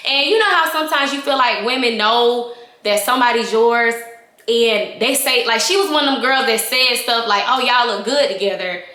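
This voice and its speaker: Animated young woman telling a storytime. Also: on the high side, normal speed, echoey room. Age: young adult. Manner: animated, reenacting scenes with voices and gestures; chatty and candid, addressing viewers directly. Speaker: vlogger. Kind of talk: casual storytime vlog.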